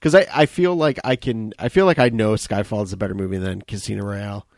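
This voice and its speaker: A man's voice: lowish voice, quick pace, vocal fry, no echo, studio quality. A man co-hosting a film podcast in casual chat, hesitant and laughing easily. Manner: hesitant, lots of fillers and restarts, laughs easily. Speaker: podcast co-host.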